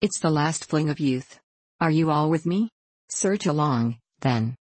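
Boisterous frontier man near thirty, read by a woman, hearty folksy calls, low voice, dry sound. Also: expressive, measured pace, a little mellow, breathy edge, no echo, heavily acted. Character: boisterous male gold-rush adventurer turning thirty.

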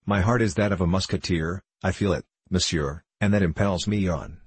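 A man's voice: low-pitched, moderate pace, slightly rough, no room sound. A man reading as an eager young swordsman. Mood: earnest. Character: bold young male swordsman, eager and proud. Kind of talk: audiobook character reading.

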